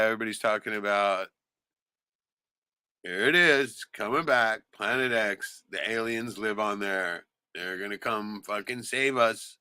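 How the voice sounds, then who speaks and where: A man's voice: lowish voice, sharp tone, clean tone, no room sound. A man giving sarcastic, profane commentary on video clips as the host of a streamed show. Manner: sarcastic, swears a lot.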